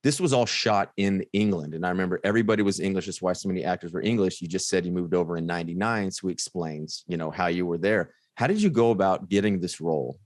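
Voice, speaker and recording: Very deep-voiced rambling male host. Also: fast, few pauses, dry recording, studio quality. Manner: rambling, enthusiastic, many fillers. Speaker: podcast host. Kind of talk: casual podcast interview.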